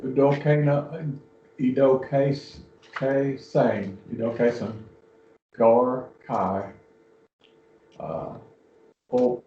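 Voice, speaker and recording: A man in a church class reading aloud and translating slowly, stumbling over words as he goes. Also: medium pitch, flat delivery, a little hiss or hum. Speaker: class student. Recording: echoey, dull classroom recording.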